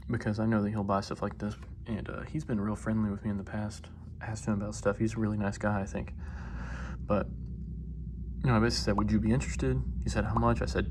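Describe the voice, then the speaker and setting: A man's voice: fairly low pitch, a little mellow, slight background noise. A man vlogging as a card collector, telling a story casually in a rambling, laid-back way and correcting himself as he goes.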